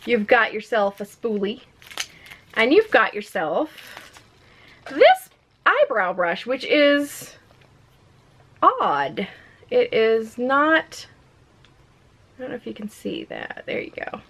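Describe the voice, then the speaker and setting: Young woman w/ a slightly high voice, excitable and chatty, joking at herself while unboxing. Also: slow, long pauses. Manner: chatty, excitable, self-mocking, with frequent laughs. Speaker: beauty vlogger. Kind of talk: casual unboxing vlog. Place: home room with a ring light.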